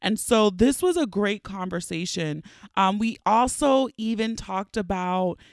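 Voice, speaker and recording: A woman in her thirties hosts her podcast in a chatty, playful monologue, laughing often. Her voice is smooth and resonant, and she sounds a little stuffy from allergies. The close-mic recording is dry, with no room sound. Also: mid-range voice, animated, a little slow, no echo. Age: 30s. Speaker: podcast host.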